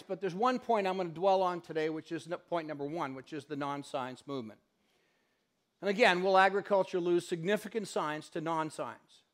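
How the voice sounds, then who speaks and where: A man giving a public lecture in a university hall, telling stories with passion and acting out what people said. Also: high voice. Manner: impassioned, animated storyteller who acts out quotes.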